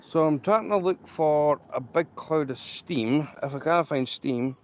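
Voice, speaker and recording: A man's voice: a little high, unhurried, a little mellow. A Scottish man chatting casually to viewers on a live stream by a railway line outdoors, rambling and emphatic and repeating himself, into a handheld camera. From Scotland. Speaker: trainspotting livestreamer.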